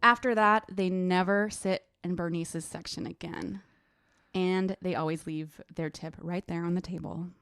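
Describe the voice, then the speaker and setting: A woman's voice: on the low side, steady tone, measured pace, fairly bright tone, smooth, no room sound. Woman, podcast co-host, chatty, laughs a lot, dry recording. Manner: chatty, giggly. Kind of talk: casual book discussion.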